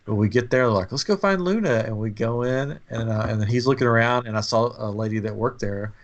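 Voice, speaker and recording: A man's voice: fairly low pitch, flat delivery, fairly quick, highs cut off. A man in his thirties co-hosting a podcast, telling a family vacation story in a rambling, chatty way. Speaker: podcast co-host. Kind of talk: casual trip-story chat.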